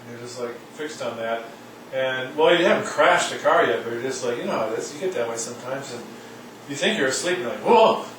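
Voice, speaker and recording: A man's voice: medium pitch, fast, a bit bright, far from the mic, slight background noise. Wry male lecturer in an echoey room. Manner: reads aloud and comments wryly. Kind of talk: classroom lecture.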